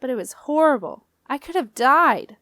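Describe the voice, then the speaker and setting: A woman's voice: fairly high pitch, normal speed, dry recording, studio quality, lightly acted. A woman voicing a sulky, defiant teenage boy who whines in a raised voice.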